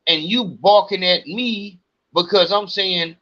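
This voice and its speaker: Agitated man venting, bright-edged voice. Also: high voice, slow, dull audio. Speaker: podcast host. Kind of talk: ranting monologue.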